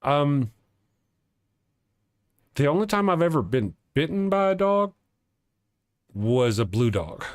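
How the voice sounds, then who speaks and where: A man's voice: on the high side, big pitch swings, slow pace, pauses often, no room sound, clean studio sound. A man hosting a live stream in casual chat, rambling and chuckling as he reads viewer comments aloud. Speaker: live-stream show host.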